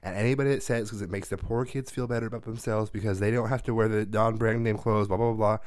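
Profane ranting man with a low voice. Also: steady tone, quick pace, a little mellow, dry recording, clean studio sound. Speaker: podcast co-host. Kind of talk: casual chat.

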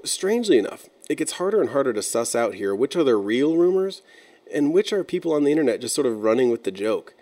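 A man narrating an internet-mystery video in a measured, explanatory and slightly wry way. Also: mid-range voice, mellow. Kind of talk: scripted narration.

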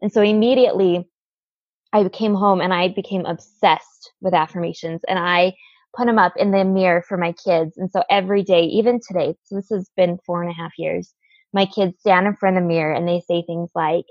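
A woman's voice: lowish voice, steady tone, fairly quick, darkish tone, no room sound, dull audio. A woman guest telling a personal story in an interview, earnest, with lots of "like" fillers.

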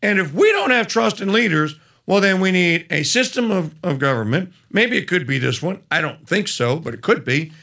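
A man's voice: sits high, lively intonation, moderate pace, gravelly, hardly any pauses, sharp tone. A man hosting a talk radio show, chatting loosely with a guest and trailing off into fillers. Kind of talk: casual talk radio chat.

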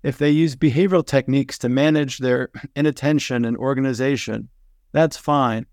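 A man hosting a podcast as a physician, explaining his points in a measured way. His voice is smooth and resonant. The recording is dry and close. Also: medium pitch, steady tone, a little mellow, dry recording. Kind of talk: podcast conversation.

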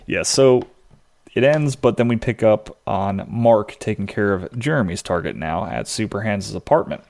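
A man co-hosting a podcast, casually recapping a TV episode in a relaxed, explanatory way. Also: on the low side, moderate pace, vocal fry. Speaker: podcast co-host.

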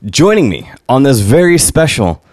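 A man's voice: medium pitch, very animated, darkish tone, dry recording. A man hosting a podcast in a small studio, his voice swinging up and down with energy. He chats casually, laughs a lot and rattles through plugs. The sound is dry and close. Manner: upbeat, laughs often, lists plugs quickly. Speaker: podcast host.

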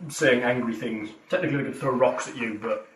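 A man's voice: mid-range voice, steady tone, a little fast, fairly bright tone, a little hiss or hum. A man running a tabletop game as game master, calling dice results and playfully narrating with sound effects. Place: room around a gaming table. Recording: roomy room from a far mic.

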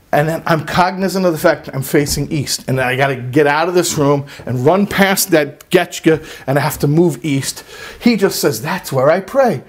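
A man telling a personal story in a sermon, animated and emphatic, sometimes dropping low and quiet for serious points. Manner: animated, jumps to high emphatic peaks. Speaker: religious speaker.

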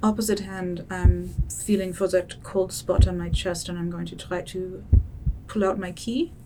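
A woman's voice: fairly low pitch, steady tone, a little slow, background noise. A woman playing a tabletop game, speaking plainly and asking the game master questions. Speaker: player.

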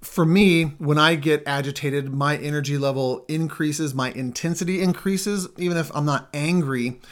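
A man's voice: a little high, normal speed. A middle-aged man co-hosting a marriage show, explaining communication habits in an earnest, emphatic way. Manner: earnest, emphatic, builds intensity in lists. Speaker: co-host, marriage coach. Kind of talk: casual teaching chat.

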